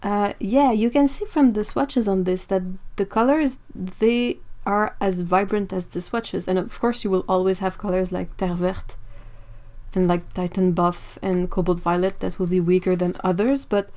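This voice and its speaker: A woman hosting a live-streamed art supply unboxing, excitable and chatty, talking to her viewers as she goes. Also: mid-range voice, normal speed. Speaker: art channel host.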